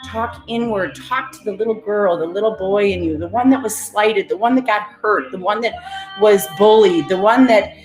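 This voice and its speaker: A woman coaching a live guided breathing and affirmation session, calling out energetic cues and greeting viewers by name. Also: mid-range voice, moderate pace. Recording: roomy echo, faint music behind.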